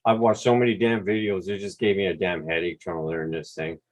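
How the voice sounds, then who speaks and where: A man with a Quebec accent, hosting a relaxed, rambling livestream chat over a video call with some mild swearing. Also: deep voice, fairly quick, dull audio. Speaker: drone channel host.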